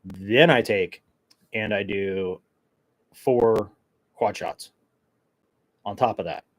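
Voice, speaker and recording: A man's voice: on the low side, takes it slowly, low-quality recording. A man hosting his podcast in a casual solo chat, rambling and joking in a caffeine-wired way with plenty of fillers. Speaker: podcast host.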